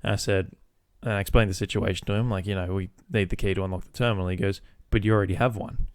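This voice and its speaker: This podcast host tells a casual story about his workday, swearing and performing both parties in phone conversations. He talks fast in a lowish, steady voice, captured in a clean, dry studio recording.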